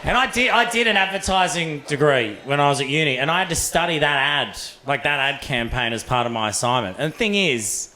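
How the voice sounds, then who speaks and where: A young Australian man performing a profane, animated stand-up set in a comedy club, acting out voices as he tells stories. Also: fairly high pitch, a little fast, hardly any pauses, a little hiss or hum. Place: comedy club stage with laughing audience. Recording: roomy club sound.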